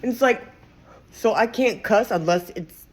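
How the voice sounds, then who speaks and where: A woman venting in a heated, profane, emphatic monologue to her viewers. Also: a little slow. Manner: heated, profane and emphatic, with sudden pitch swings. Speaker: vlogger.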